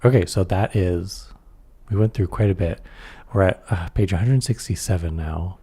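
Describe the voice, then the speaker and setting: A man's voice: low voice, moderate pace, warm tone, slightly rough. A man reading aloud through a tabletop game rulebook and adding casual comments on the rules. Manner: reads rules aloud, then comments offhandedly.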